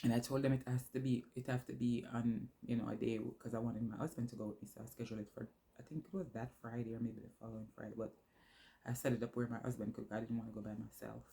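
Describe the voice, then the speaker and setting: A woman's voice: extremely low pitch, steady tone, fast talker, gravelly, warm tone, slight background noise. A woman vlogger telling a personal story to her phone camera, rambling and losing her train of thought along the way.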